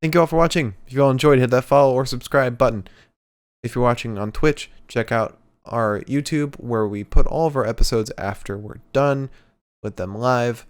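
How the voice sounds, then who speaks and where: A man's voice: medium pitch, normal speed, clean tone. A young man co-hosting a wrestling podcast, chatting casually with jokey, laid-back patter. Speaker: podcast co-host. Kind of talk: casual chat.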